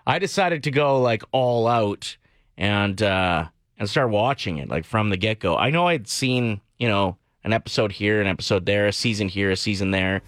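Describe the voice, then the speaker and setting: A man's voice: on the low side, expressive, moderate pace, a bit bright, no room sound, clean studio sound. A man co-hosting a morning radio show, joking easily and laughing often in casual banter. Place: radio studio. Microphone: studio microphone.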